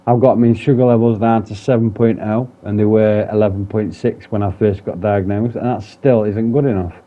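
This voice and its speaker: A man's voice: lowish voice, fairly even intonation, normal speed. A man talking candidly in a personal vlog, rambling, swearing often and restarting his sentences. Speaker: vlogger. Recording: dull lo-fi sound.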